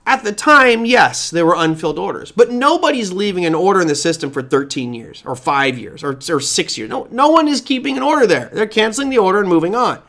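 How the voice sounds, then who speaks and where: A middle-aged man hosts a live market-commentary stream and answers viewer questions. His voice sits fairly high for a man, and he talks in a loose, animated way, with rhetorical questions and quick restarts.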